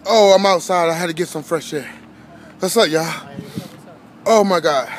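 A man's voice: fairly high pitch, moderate pace, slight background noise. A young man, vlogging casually while teary, sweating and gasping as his mouth burns. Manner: gasping and groaning, mouth burning. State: teary, sweating, short of breath. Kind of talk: casual vlog.

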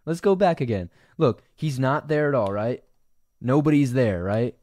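A man hosting a commentary channel reacts to and narrates an online clip, incredulous and profane, and laughing often. His mid-range voice has lively intonation, a warm tone and normal speed. The studio-quality recording has no room sound.

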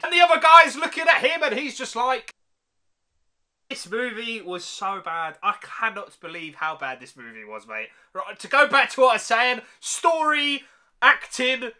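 A British man reviewing a movie on his vlog in a casual, slangy rant. His voice sits very high for a man and sounds sharp and bright. He keeps laughing at the film's flaws. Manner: animated, slangy, laughing at the film.

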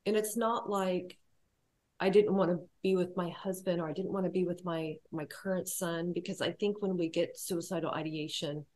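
A woman telling her personal story as a podcast guest, quiet and reflective, hesitating often with fillers and restarts. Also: on the low side, fairly even intonation, moderate pace.

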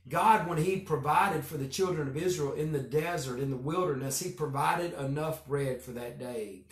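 A middle-aged man, a pastor, preaching a men's devotion with emphatic repeated phrases, going quiet for personal stories. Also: fairly high pitch, moderate pace. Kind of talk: men's group devotion sermon. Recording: echoey room.

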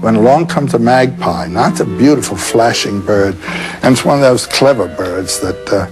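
A man telling a folk tale in casual oral style, relaxed and digressive with hesitant fillers. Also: lowish voice, normal speed, over music, low-quality recording. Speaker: storyteller, interview guest.

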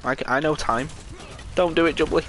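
A man's voice: on the high side, fairly quick, fairly bright tone. A young British man chatting casually and joking while streaming a game, laughing often and wandering off on asides. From Britain. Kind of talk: casual live gameplay chat.

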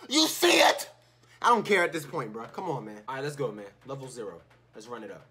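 A man commentating his own video game play in his room, slangy and excitable, swinging from low muttering to loud shouts. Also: fast talker. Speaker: gaming YouTuber. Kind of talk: live gameplay commentary. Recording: music playing behind.

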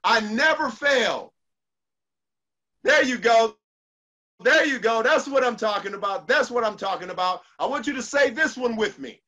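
A man's voice: very high voice, expressive, moderate pace, bright, forceful tone. A man giving a motivational speech to an online audience, preacherly, repeating lines for emphasis and leading call-and-response. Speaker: motivational speaker.

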